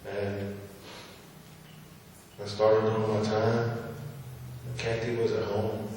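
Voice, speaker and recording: A man's voice: fairly low pitch, level tone, very slow, darkish tone. A man speaks earnestly to a congregation, his voice washing through a large, very reverberant sanctuary. He is picked up from some distance, with a faint room hum underneath. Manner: earnest, repetitive, emotional. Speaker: church testimony speaker. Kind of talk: personal testimony to a congregation. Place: church sanctuary. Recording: echoey hall from far off.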